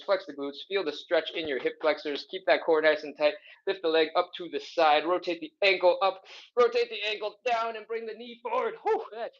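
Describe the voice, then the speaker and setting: A man's voice: on the high side, highs cut off. Upbeat man coaching a live stretch workout. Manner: upbeat, counting reps, joking asides. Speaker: flexibility instructor.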